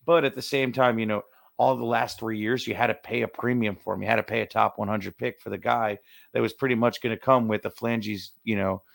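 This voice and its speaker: A man co-hosting a casual sports podcast, excitable, jokey and rambling. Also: fairly low pitch, fairly quick, creaky, no echo, clean studio sound. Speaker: podcast co-host.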